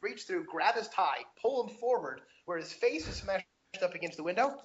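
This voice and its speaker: A man's voice: high voice, expressive, normal speed. Rambling chef man in an echoey room. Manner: rambling storyteller, many fillers and restarts. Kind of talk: casual podcast interview. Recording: dull, roomy, faint noise.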